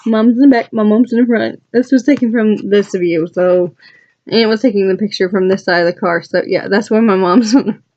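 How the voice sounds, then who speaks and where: A woman's voice: medium pitch, fairly quick, darkish tone, highs cut off. A woman vlogger chatting casually and with enthusiasm as she flips through her journal, adding asides to her viewers. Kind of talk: casual rambling chat.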